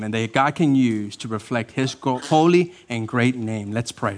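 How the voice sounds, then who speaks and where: A man preaching a sermon as a lead pastor, emphatic and repetitive, swinging from loud highs to hushed lows. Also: normal speed, hardly any pauses.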